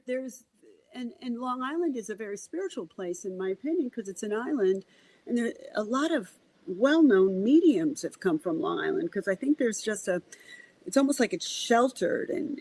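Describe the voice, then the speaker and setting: A woman speaking as a guest on an interview show. She talks at a middle pitch and tells stories in a lively way. She acts out both sides of the conversations she describes and often repeats a word as she gets going. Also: low-quality recording. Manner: animated, acts out dialogue in quotes; repeats words when starting sentences. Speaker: medium, podcast guest. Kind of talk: conversational storytelling.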